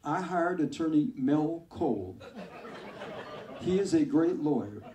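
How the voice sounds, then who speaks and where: Comedian doing a slow, earnest ex-con in an ad. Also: male voice, expressive, slight background noise. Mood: proud. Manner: slow, loud, earnest pitch. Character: ex-con man doing a slow, proud lawyer ad. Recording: echoey club, far from mic, crowd.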